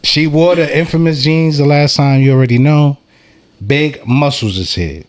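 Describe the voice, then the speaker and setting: A man's voice: a little high, normal speed. A man hosting a casual podcast, joking and hyping up his co-host with playful banter.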